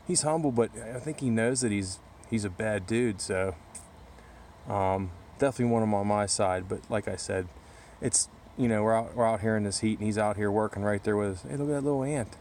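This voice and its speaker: A man's voice: lowish voice, a little fast, darkish tone, a little hiss or hum. Rambling man chatting outdoors. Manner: rambling storyteller with many restarts. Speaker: vlogger. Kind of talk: casual chat. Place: outdoors in a backyard corner.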